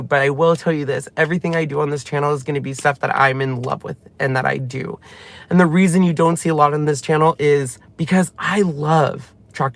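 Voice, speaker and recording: A man hosting his own channel speaks in a somewhat high, slightly bright voice with no room sound. In an emotional personal vlog, he rambles heartfelt and close to tears while retelling conversations.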